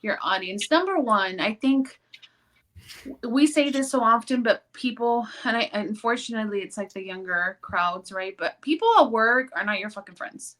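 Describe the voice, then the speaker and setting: Blunt, bright-voiced woman podcaster. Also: fairly high pitch, moderate pace. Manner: blunt, emphatic, swears. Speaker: podcast co-host. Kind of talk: casual chat.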